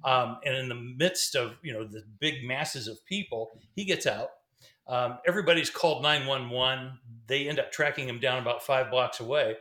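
A man's voice: mid-range voice, moderate pace, bright, forceful tone. A middle-aged man, a former pastor, telling a story casually, rambling with fillers and restarts. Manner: rambling, fillers and restarts, laughs between sentences. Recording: roomy echo.

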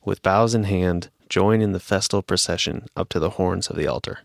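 A man who co-hosts a podcast, reading a passage aloud at a steady, measured pace. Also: low-pitched, gravelly, no room sound, studio quality. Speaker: podcast co-host.

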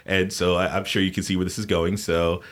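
A man with a very low, deep voice tells a childhood story in a relaxed podcast chat. He is middle-aged and animated, and he often breaks into laughter as he talks. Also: fairly quick. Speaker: podcast co-host.

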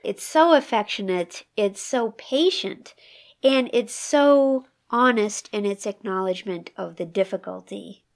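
A woman's voice: mid-range voice, measured pace. A woman co-hosting a discussion of poetry, enthusiastic about the verse and reading it aloud with feeling.

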